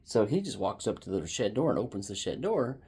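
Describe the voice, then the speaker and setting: A man's voice: lowish voice, brisk, husky. Rambling man vlogging to his phone. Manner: rambling and animated, bursts into loud shouts when quoting. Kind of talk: casual storytelling to camera.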